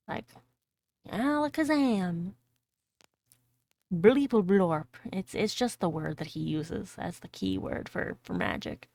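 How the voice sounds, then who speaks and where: A woman's voice: low voice, sing-song, a little slow, vocal fry, dry recording. Profane, joking woman streamer reading aloud. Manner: profane, joking asides to chat. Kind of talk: casual live-stream storytelling.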